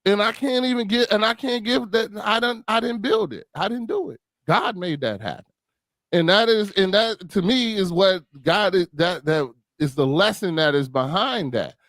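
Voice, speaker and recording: Animated high-voiced man preaching casually. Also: dry recording. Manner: animated, repeats and restarts phrases, preachy conviction. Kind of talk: casual faith discussion.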